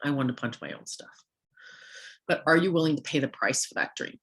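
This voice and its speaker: A woman with a hoarse, worn-out voice giving a motivational coaching talk to a sales team, firing off rhetorical questions at her listeners. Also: rumbling low, expressive, moderate pace, fairly bright tone.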